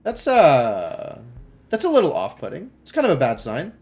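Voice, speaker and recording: Man streamer, reading game text aloud, wry asides, animated pitch, faint music behind. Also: normal speed, breathy edge.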